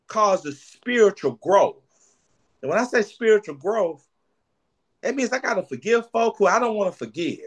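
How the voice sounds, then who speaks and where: A man preaching a sermon, lively and preacherly, repeating phrases for emphasis. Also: high-pitched.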